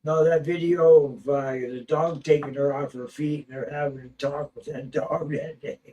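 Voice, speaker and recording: A man's voice: a little high, steady tone, normal speed, mellow. Distant man chiming in casually. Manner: short interjections from off-mic. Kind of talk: casual chat. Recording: off-mic voice, distant from the mic.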